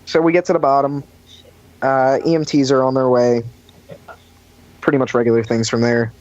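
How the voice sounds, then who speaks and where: A young podcast guest recalls his lifeguard job in a long, casual story, heavy on fillers and acted-out quotes from the people involved. He speaks at a moderate pace in a mid-range, a little mellow voice with flat delivery, and the audio is dry, dull and lo-fi.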